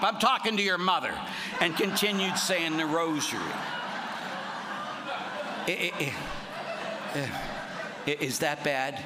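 A male Catholic priest preaches in a conversational, folksy way and keeps tossing rhetorical questions to the congregation. His pitch rises and falls widely, and his voice has a bright, forceful edge. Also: a little hiss or hum. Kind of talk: sermon.

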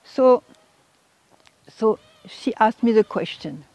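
A middle-aged woman gives an emotional personal testimony, stumbling and repeating words as she goes. Her voice sits a little high. The recording is dry and dull, with a lo-fi sound. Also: lively intonation, warm tone, no echo. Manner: halting, repeats words, voice rises when quoting others. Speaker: speaker giving a testimony.

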